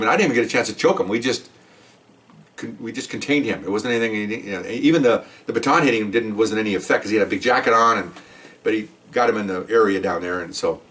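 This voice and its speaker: Heard through a distant mic, an older retired policeman recounts a story casually and ramblingly, regularly asking "okay?". His voice is lowish and a bit bright.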